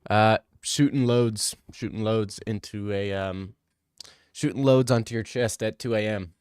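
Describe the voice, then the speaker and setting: A young man chats loosely on a livestream and answers questions. His delivery is crude and joking, full of slang and side tangents. The sound is dry, close and free of any room ring, and his pitch sits in a middle range. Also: a little mellow, clean tone, no echo. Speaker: streamer answering chat questions. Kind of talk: casual livestream Q&A.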